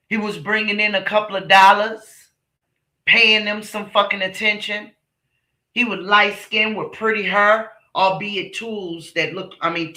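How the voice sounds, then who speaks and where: A woman's voice: mid-range voice, pushed and bright, roomy sound. A woman hosting a livestream, delivering heated, profane and scornful commentary. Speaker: channel host, commentator.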